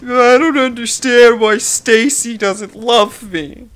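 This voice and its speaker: A man's voice: extremely high pitch, takes it slowly, a bit bright, voice pushed up, heavily acted. A man putting on the voice of a whiny, lonely young man who pleads about love. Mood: whining.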